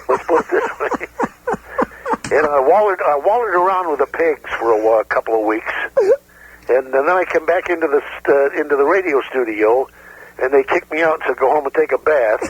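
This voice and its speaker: A man's voice: fairly high pitch, slightly rough, low-quality recording. A male voice actor telling anecdotes as a radio guest, stammering and laughing at his own jokes. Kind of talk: anecdotal interview answers.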